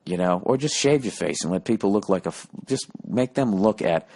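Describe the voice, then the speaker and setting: A man in his late forties rants through a solo comedy podcast, swearing freely and mocking himself as he wanders from bit to bit. His voice sits on the low side of a man's speaking range. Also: lively intonation, brisk, dark tone. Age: 40s. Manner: profane, rambling, self-mocking. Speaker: podcast host. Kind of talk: casual comedic rant.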